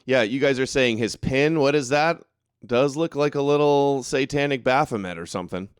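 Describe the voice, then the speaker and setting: A man's voice: mid-range voice, moderate pace, clear, resonant tone, dry recording, clean studio sound. A man hosting a casual political commentary livestream, talking in a sarcastic, mocking way, reading viewer comments aloud and ranting indignantly. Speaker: livestream show host.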